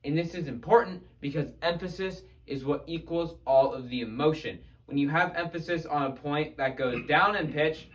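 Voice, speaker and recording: A man teaching guitar, talking through techniques in an energetic, conversational way. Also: fairly high pitch, normal speed, few pauses, rough recording. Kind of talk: instructional video narration.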